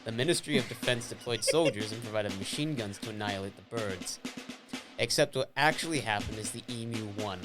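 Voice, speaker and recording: A man's voice: fairly low pitch, brisk, over music. A man co-hosting a comedy podcast, telling a story in an easygoing way with amused asides. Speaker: podcast co-host. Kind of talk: casual comedic chat.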